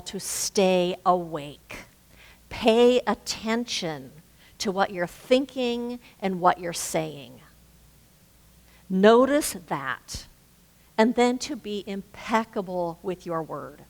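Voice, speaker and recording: A woman minister giving a gentle, reflective sermon, slowing down to stress key words. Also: medium pitch, animated. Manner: gentle, reflective, with slow emphatic phrasing. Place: spiritual center sanctuary. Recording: reverberant hall.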